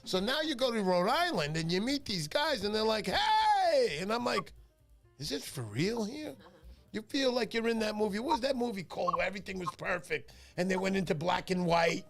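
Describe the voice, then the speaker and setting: A man hosting a fishing livestream, chatting in an animated, joking, rambling way. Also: high voice, fast, gravelly, hardly any pauses. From New York. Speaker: livestream fishing show host. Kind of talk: casual livestream chat.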